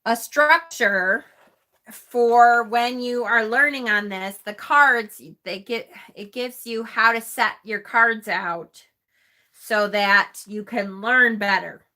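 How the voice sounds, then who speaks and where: Woman host, live-stream chat, bright and forceful tone, high-ish voice, laughs easily, reads aloud and answers chat. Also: takes it slowly. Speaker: host of a tarot channel.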